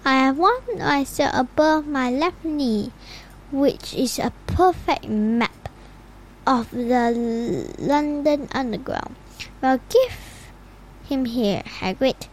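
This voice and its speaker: A woman reading a storybook aloud, voicing an old male wizard who speaks in a firm, measured way. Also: high voice, expressive, a little hiss or hum, exaggerated voice.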